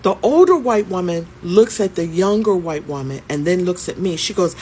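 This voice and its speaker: A woman's voice: lowish voice, animated, normal speed, few pauses, a little mellow, slight background noise. A woman in her fifties telling a story to camera in a casual way, emphatic, repeating her points and asking rhetorical questions. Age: 50s.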